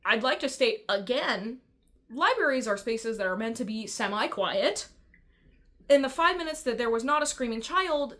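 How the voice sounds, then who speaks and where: A woman talking straight to camera in a casual vlog, venting with blunt frustration and plenty of swearing. Her voice sits somewhat high, and she stumbles and restarts as her thoughts race ahead. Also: fairly bright tone. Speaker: vlogger.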